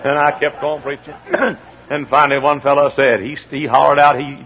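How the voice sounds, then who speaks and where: A man preaching a sermon, telling stories with animation and building to shouts. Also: medium pitch, steady tone, normal speed, husky. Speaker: pastor. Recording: dull lo-fi archival sermon tape.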